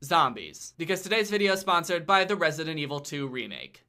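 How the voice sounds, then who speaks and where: A man's voice: a little high, big pitch swings, fairly quick, hardly any pauses, music in the background. A man giving sarcastic, incredulous comedy commentary on a movie. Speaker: comedy YouTuber.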